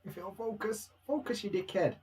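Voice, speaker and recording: A man's voice: sits high, moderate pace, darkish tone. A young man with a Barnsley Yorkshire accent, chatting casually and self-mockingly at home on a live stream, answering viewers' questions.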